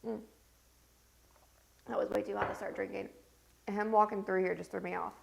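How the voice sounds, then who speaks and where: A woman's voice: medium pitch, flat delivery, normal speed, creaky. A woman with a stuffed-up, scratchy congested voice hosts a casual get-ready-with-me makeup livestream from her home set. She rambles with lots of fillers while doing her makeup.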